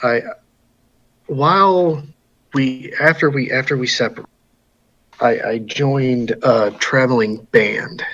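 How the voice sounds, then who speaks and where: A player doing an uneasy male orc in a tabletop role-play. He speaks in his own plain, mid-pitched voice, hesitant and on edge. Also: slow, pauses often, a bit bright, lo-fi sound. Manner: hesitant and jittery. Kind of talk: tabletop game character voice.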